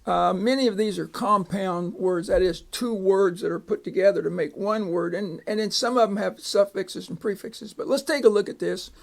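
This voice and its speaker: A man's voice: high-pitched, moderate pace, gravelly, few pauses. A man teaching a phonics lesson, patiently sounding out words and repeating each one. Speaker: reading teacher.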